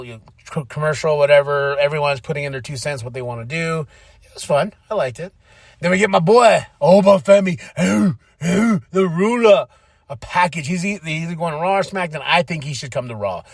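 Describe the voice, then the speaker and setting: A man hosting a podcast, recapping a wrestling show in casual chat, excitable and acting out what people said. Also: fairly high pitch, brisk, no room sound, clean studio sound. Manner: excitable, acts out quotes. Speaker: podcast host.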